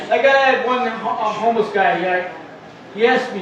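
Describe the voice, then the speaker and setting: The recording is muffled, with a little hiss or hum, an echoey room, a distant mic, and faint ambience. A high-pitched man speaking at normal speed works through a rambling, crude open-mic comedy set in Los Angeles, shouting his jokes.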